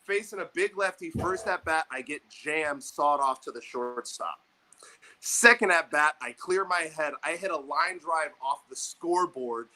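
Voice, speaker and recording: A man hosting a podcast, telling a story in casual chat, animated and swearing freely. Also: on the high side, a little slow. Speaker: podcast host.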